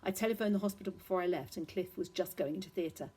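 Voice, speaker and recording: Give me a woman playing an anxious mother from a storybook, soft and low. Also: fast talker, slightly rough. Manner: worried and gentle.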